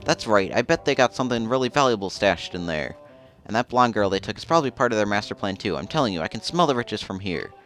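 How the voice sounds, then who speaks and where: A man voicing a gruff, scheming male mole creature in a video game, with a Southern drawl. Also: on the low side, animated, quick pace, fairly bright tone, soft background music.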